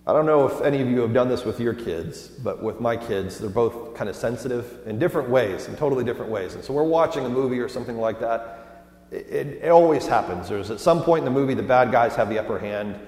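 An earnest male pastor in his thirties preaches in a middle-pitched voice, pressing some words hard and easing off on others. His voice rings out through a large church sanctuary, with a long reverb trailing each phrase. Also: animated, fast talker, a little mellow. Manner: earnest, rises and falls in emphasis. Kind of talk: sermon. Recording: roomy hall with long reverb.

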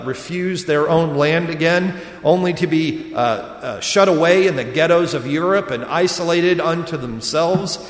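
Guy preaching in a church, tells stories loud then soft, long hall reverb. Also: on the high side. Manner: storytelling, swinging between loud and soft. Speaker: pastor. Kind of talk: sermon. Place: church sanctuary.

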